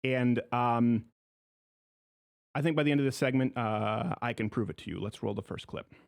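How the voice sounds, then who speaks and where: A man's voice: medium pitch, moderate pace, vocal fry. A man hosting a political talk show, giving opinionated commentary in a sarcastic, mocking way. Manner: sarcastic, mocking, animated delivery.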